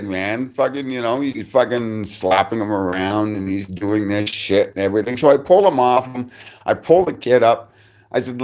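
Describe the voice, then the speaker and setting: A man's voice: mid-range voice, normal speed, darkish tone. A man telling a rambling personal story on a live stream, swearing constantly and restarting his sentences.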